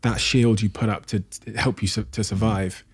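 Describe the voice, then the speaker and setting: A man hosting a podcast, asking long, measured questions and retelling stories to set them up. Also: lowish voice, steady tone, husky. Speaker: podcast host interviewer. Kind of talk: in-depth interview questions.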